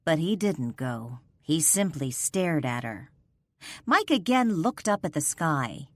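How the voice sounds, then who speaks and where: A woman narrating a paranormal romance audiobook in a measured, expressive storytelling manner. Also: deep voice, no room sound, studio quality. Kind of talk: scripted narration.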